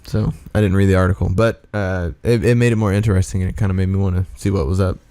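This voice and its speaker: A man's voice: sits low, little pitch movement, quick pace, mellow, no echo. A young man from South Carolina co-hosting a podcast, rambling enthusiastically with many restarts. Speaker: podcast co-host. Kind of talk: casual chat.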